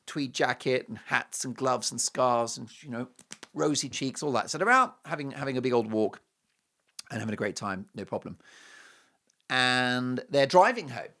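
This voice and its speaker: English guy hosting his show, bouncy lively voice, bright and sharp, spinning a yarn. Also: mid-range voice. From England. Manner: animated and playful, with mocking asides and quoted voices. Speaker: show host. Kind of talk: storytelling commentary to camera.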